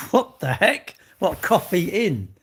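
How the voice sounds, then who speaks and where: A man's voice: high-pitched, big pitch swings, slow, fairly bright tone, husky. A man in his sixties, chatting casually on a live stream with viewers, cheeky and bantering with the odd swear word. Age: 60s. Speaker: livestream host.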